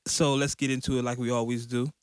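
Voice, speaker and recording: A man hosting a podcast in casual chat, hyped and joking, at times deliberately slowing his delivery. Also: mid-range voice, little pitch movement, a little mellow, clear, resonant tone, no room sound. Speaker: podcast host.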